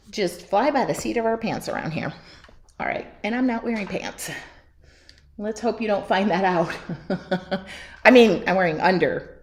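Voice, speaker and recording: A woman teaching a live painting demo from her home studio, chatty and self-mocking, laughing at herself as she works. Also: mid-range voice. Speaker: art teacher.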